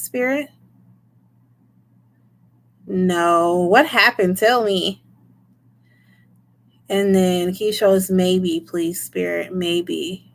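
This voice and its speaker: A woman's voice: mid-range voice, a bit bright. A woman doing a casual livestream as a tarot reader, chatting, laughing often and greeting viewers by name.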